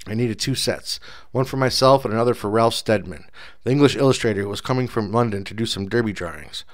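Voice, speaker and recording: A man narrating a first-person story as an audiobook in a dry, measured, low-key voice.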